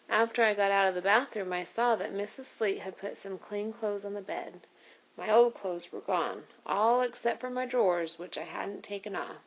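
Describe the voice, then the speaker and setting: A woman reading a children's novel aloud, telling the story in a steady, clear way. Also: medium pitch, low-quality recording. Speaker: reader.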